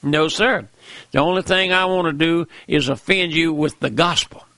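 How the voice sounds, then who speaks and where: A man's voice: on the high side, normal speed, pushed and bright, no room sound. An older man preaching an impassioned, emphatic sermon, repeating his points and calling out to his listeners. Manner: impassioned, emphatic, repeats phrases and calls out "my friend". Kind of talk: fiery radio-style sermon.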